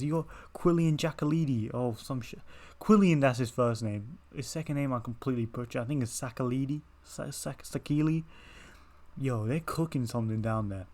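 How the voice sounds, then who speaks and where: A man's voice: medium pitch, a little mellow. A young man hosting an MMA reaction channel, giving a casual, rambling fight breakdown with heavy swearing.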